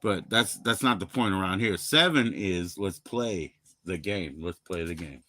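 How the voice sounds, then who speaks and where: A man from Maryland, in middle age, hosting a rambling, profane livestream chat that swings from loud bursts to low mumbles. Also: measured pace. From Maryland, USA. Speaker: livestream host.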